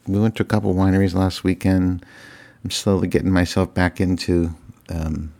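A man's voice: low-pitched, level tone, moderate pace, gravelly, dark tone. A man telling a rambling, casual story to his viewers, with lots of fillers and restarts and chuckling at his own tale. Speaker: vlogger.

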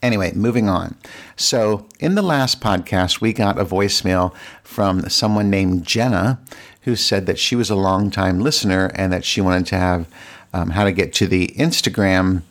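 A man with a very low voice and a rough, gravelly texture hosts his solo podcast on a desk mic. He talks candidly and with open exasperation, tripping into restarts and repeated words as he rambles on. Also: normal speed. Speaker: podcast host. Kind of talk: casual solo podcast monologue.

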